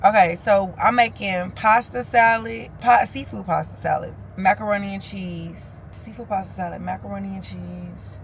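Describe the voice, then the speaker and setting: A young woman chatting casually to camera for her vlog, her voice sitting at an ordinary middle pitch. She talks in a loose, informal way, as if to friends. Car and road noise runs clearly underneath. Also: steady tone, normal speed, hardly any pauses. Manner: chatty, loose and informal, addresses viewers as cousins. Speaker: vlogger.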